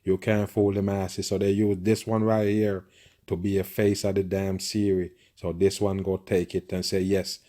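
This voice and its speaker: Deep, flat-voiced ranting man. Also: moderate pace. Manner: profane, conspiratorial, constant murmured agreement. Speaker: video commentator. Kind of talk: ranting reaction commentary.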